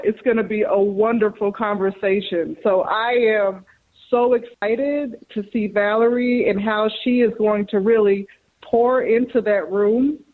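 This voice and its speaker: A woman calling in as a guest, speaking in an upbeat, enthusiastic way. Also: fairly high pitch. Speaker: corporate guest. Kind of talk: phone interview. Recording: tinny phone line.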